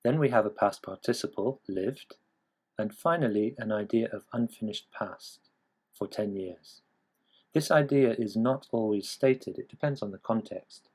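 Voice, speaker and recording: Husky man explaining a grammar lesson. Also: lowish voice, darkish tone, rough recording. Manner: measured, explanatory. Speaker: English teacher. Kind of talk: scripted lesson narration.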